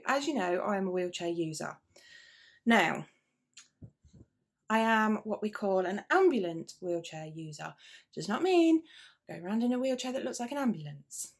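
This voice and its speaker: A British woman hosting a knitting video podcast, chatting casually and rambling with frequent asides and restarts. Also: medium pitch. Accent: British English. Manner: chatty and rambling, with frequent self-interruptions and fillers. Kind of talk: casual chat to camera.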